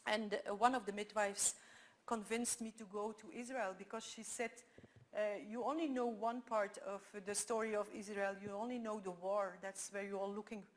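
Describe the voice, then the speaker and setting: A woman with a Flemish accent, whose first language is Dutch, giving a conference talk full of lively anecdotes and frequent restarts. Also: mid-range voice, normal speed. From Belgium. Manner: animated storytelling with frequent restarts. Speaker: speaker.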